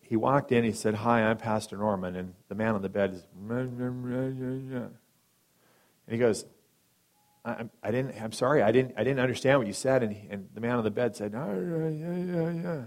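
A man preaching a sermon and telling a story, dramatic, swinging between loud emphatic lines and hushed soft ones, briefly acting out the people in it. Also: medium pitch, fairly even intonation, normal speed. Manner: acts out quoted speakers in brief voices.

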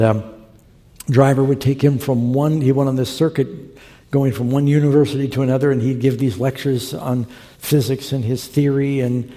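A man's voice: mid-range voice, warm tone, long reverb tail. A man preaching a sermon, telling stories in an earnest, conversational way and quoting scripture. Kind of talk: sermon with storytelling.

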